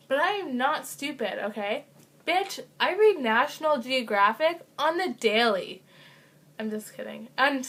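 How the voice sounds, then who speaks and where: A woman's voice: a little high, fairly bright tone. A young woman telling a casual storytime vlog, chatty with lots of fillers and sarcastic asides, coughing now and then. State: occasional cough. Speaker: vlogger.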